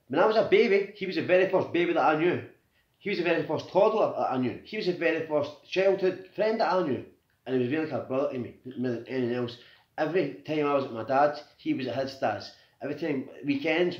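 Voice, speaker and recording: A Scottish man in his thirties telling a painful personal story, raw and grieving, swearing often and tagging "right?" onto nearly every sentence. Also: fairly high pitch. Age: 30s. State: grieving and agitated. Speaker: vlogger. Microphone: phone. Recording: echoey room, dull lo-fi phone audio.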